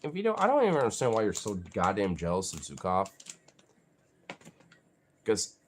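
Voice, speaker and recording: A man's voice: on the low side, wildly swooping pitch, moderate pace, a little hiss or hum. A young man vlogging casually, talking to his dogs in a rambling, profane way full of fillers.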